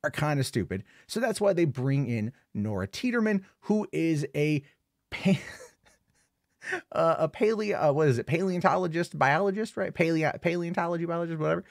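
A man's voice: fairly high pitch, expressive, normal speed, vocal fry, no room sound, studio quality. A man giving a casual spoken film review, rambling with lots of fillers and an amused tone.

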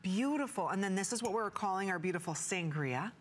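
A woman hosting a live shopping channel, pitching products in an upbeat, salesy way. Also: expressive, fairly quick, a little hiss or hum. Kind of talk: live TV selling.

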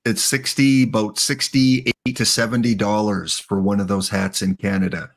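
A man hosting a casual stream chat, asking questions in an easygoing, halting way. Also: fairly low pitch, little pitch movement. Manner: easygoing, hesitant interviewer. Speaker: host.

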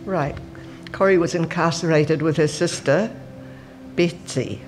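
A woman in church reading aloud from a book in a steady, expressive manner. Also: sits low, measured pace, faint music behind. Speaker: scripture reader.

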